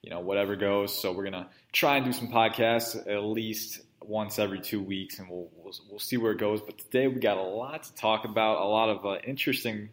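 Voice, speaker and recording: A man's voice: lowish voice, fairly even intonation, fairly quick, hardly any pauses. A man hosting a sports podcast, talking casually in a loose, rambling way with plenty of fillers. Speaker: podcast host.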